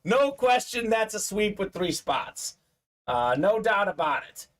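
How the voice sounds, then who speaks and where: A man hosting a live sports card break stream, excitedly hyping up buyers and reading chat messages aloud. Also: sits high, a little slow. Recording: distant mic.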